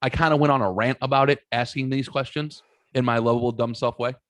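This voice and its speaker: A man's voice: mid-range voice, fairly even intonation, fast, no echo. A man co-hosting a podcast, rambling through a story in a casual, self-deprecating way. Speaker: podcast co-host. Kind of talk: casual chat.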